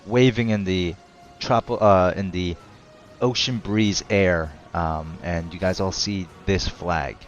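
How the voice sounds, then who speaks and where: A man's voice: sits low, slow, highs cut off, soft background music. A man narrating as game master of a tabletop game, laid-back and hesitant, often laughing.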